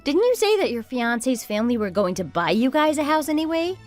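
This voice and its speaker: Woman voicing a calm, measured young wife. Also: sits high, faint music behind. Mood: exasperated. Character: level-headed young wife defending her home. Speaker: narrator and wife. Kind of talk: texting-story voice acting.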